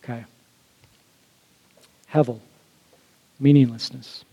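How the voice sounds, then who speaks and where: A man's voice: mid-range voice, steady tone, slow pace, mellow, breathy edge, lo-fi sound. A man preaching a sermon as a pastor, talking in a loose, conversational way full of fillers and questions to the congregation. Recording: long hall reverb.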